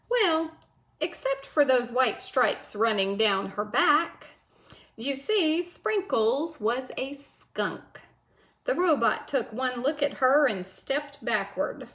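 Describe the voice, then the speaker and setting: A teacher reads a chapter book aloud to her class in a gentle, patient way. Her voice sits a little high and she takes her time over every sentence.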